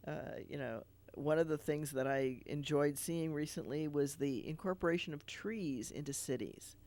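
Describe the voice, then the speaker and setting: A man's voice: fairly high pitch, moderate pace, a little mellow. A man, a rabbi hosting a TV studio chat, explaining ideas thoughtfully with many fillers and restarts. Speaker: rabbi sitting in as TV show host. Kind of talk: casual studio conversation.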